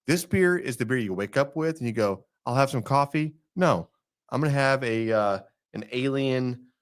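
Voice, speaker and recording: A man's voice: mid-range voice, lively intonation, moderate pace, smooth. A man from Texas co-hosting a casual podcast, rambling and joking, often laughing. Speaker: podcast co-host. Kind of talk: casual chat.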